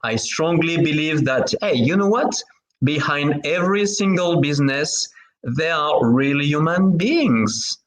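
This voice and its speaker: A man's voice: fairly high pitch, lively intonation, a little slow, poor audio. A man with a French accent hosting an interview podcast, talking with many fillers and restarts. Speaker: podcast host.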